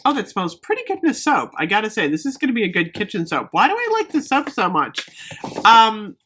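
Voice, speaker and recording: A woman vlogger chatting casually and excitedly as she shows off a shopping haul. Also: mid-range voice, brisk, a little hiss or hum. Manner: bubbly, excitable, gushing. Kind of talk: casual haul video chat.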